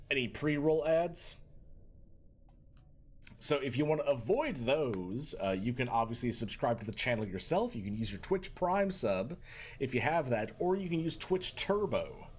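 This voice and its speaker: Man in a put-on Boston accent. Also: medium pitch. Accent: put-on Boston/New York. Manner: chatty, talks to chat while playing, mock-tough asides. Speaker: streamer. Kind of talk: live gaming commentary.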